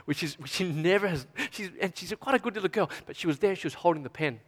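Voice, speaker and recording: A middle-aged man with an Australian accent preaching a storytelling sermon to a youth event, chatty and animated, often checking in with "right?". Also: sits high, quick pace. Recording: long hall reverb.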